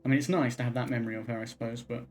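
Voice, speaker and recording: A man streaming a video game, casually commenting and reading in-game text messages aloud in a low, subdued voice. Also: fairly even intonation, racing, a little mellow, soft background music. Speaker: livestreamer. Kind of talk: casual let's-play commentary.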